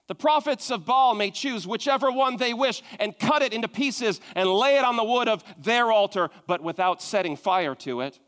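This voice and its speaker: High-voiced preacher swinging from hushed to emphatic. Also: male voice. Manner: dynamic preaching, dropping to hushed intimate asides and rising to emphatic calls. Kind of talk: sermon.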